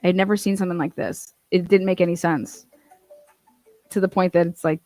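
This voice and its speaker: A woman's voice: fairly low pitch, fairly even intonation, brisk, darkish tone, dry recording. A woman hosting a casual commentary stream, talking emphatically and indignantly with many asides and fillers into a computer mic. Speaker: true-crime advocate host.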